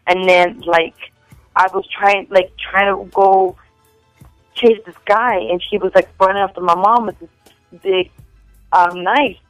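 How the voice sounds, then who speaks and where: A woman telling rambling stories in a casual chat, full of "like" fillers and animated quotes of other people. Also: mid-range voice, measured pace, pauses often, no room sound, soft background music, low-quality recording.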